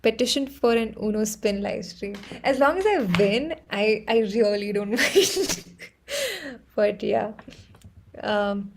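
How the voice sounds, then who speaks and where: A woman with an Indian English accent hosting a live stream, chatting casually and laughing often as she tells excitable stories. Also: mid-range voice, takes it slowly, background noise. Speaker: livestream host.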